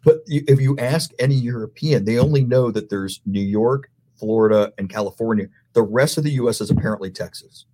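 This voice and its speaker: A man's voice: medium pitch, brisk, few pauses, mellow, breathy edge. A middle-aged man chatting casually as a podcast guest, rambling through stories and laughing easily. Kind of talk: casual chat.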